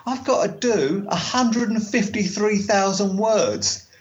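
A man with a fairly high speaking voice chats on a podcast. He is animated and laughs easily. When he reads aloud he slows into a careful, measured delivery. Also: dull audio. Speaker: podcast co-host and travel author. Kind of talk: casual podcast chat.

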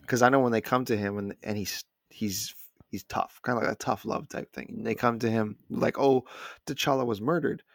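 A man co-hosting a podcast in casual film talk, relaxed and retelling scenes by quoting characters. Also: lowish voice, fairly quick, dry recording, clean studio sound. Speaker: podcast co-host.

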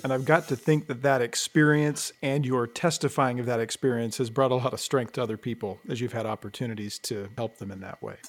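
Male host, steady mid voice, measured interview questions. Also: mid-range voice.

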